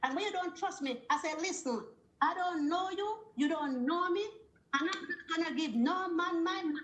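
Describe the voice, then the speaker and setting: High-voiced woman telling her story. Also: moderate pace, roomy sound, rough recording. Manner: animated storytelling with quoted dialogue. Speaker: caller. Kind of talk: call-in story.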